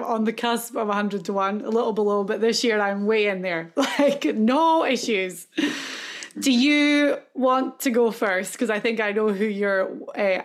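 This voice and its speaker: A woman co-hosting a casual golf betting podcast, chatty and upbeat, with frequent laughter. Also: medium pitch. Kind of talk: casual sports betting chat.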